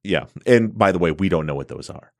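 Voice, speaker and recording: Deep-voiced joking American man, dry sound. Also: lively intonation, brisk, vocal fry, no room sound. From United States. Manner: joking, playfully sarcastic. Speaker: podcast co-host. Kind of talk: casual interview chat.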